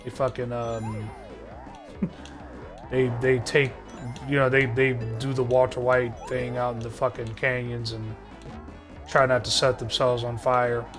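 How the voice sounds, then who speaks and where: A man's voice: mid-range voice, flat delivery, unhurried, pauses often, fairly bright tone, soft background music. A man streaming live, ranting to his chat in a rambling, sardonic way, swearing constantly and restarting his sentences. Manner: rambling, heavy cursing, sardonic.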